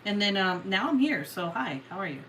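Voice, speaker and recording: A woman's voice: mid-range voice, big pitch swings, brisk, a bit bright, a little hiss or hum. Sleepy, swearing young woman streamer. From California. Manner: sleepy, swears a lot, laughs often. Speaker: livestream host. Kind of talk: late-night casual livestream chat.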